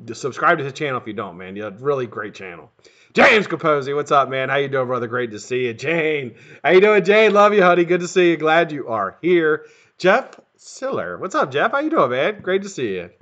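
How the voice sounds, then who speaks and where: A middle-aged man hosting a casual live stream, greeting viewers one by one and swearing freely. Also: mid-range voice. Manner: lively, profane, greets viewers one after another. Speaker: livestream host. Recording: dull lo-fi stream audio.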